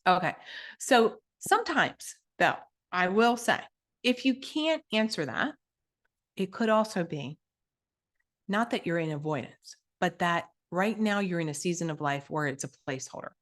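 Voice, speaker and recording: A woman hosting her own podcast as a coach, teaching in a direct, energetic way with many asides and quick restarts. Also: lowish voice.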